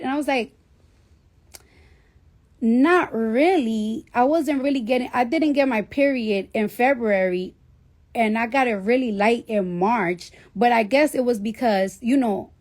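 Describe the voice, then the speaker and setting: Animated, profane New woman. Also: on the high side. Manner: profane, animated, acts out quoted voices. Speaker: rapper telling a story to listeners. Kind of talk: casual storytelling, livestream-like.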